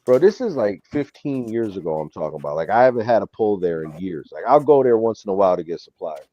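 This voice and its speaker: A man's voice: fairly low pitch, fast, no room sound. A man with a New York accent in a casual chat, telling a story with energy and acting out what other people said. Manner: animated storytelling, acts out quoted people. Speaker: co-host. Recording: dull lo-fi sound.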